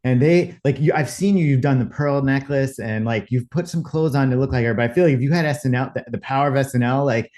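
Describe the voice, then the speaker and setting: A man's voice: mid-range voice, fast, hardly any pauses, darkish tone. A man hosting a casual interview podcast, talking in an enthusiastic, complimentary way. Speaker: podcast host.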